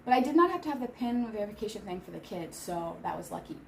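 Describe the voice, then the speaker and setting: A woman's voice: medium pitch, lively intonation, fast, gravelly, slight background noise. A woman in her thirties chatting casually on a vlog while eating, rambling with lots of filler words. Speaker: vlogger. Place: home in Seoul.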